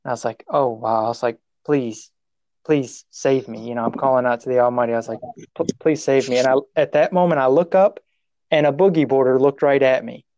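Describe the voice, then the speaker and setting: A man's voice: mid-range voice, fairly even intonation, fast talker, darkish tone, dry recording, muffled recording. A man telling a personal story in casual conversation, rambling and self-mocking, restarting his sentences and laughing at himself.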